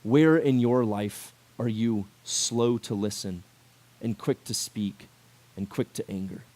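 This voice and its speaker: A man in his twenties giving a sermon to a youth group, talking in a casual and animated way and acting out quotes. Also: on the low side, slow. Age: 20s. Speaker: youth pastor.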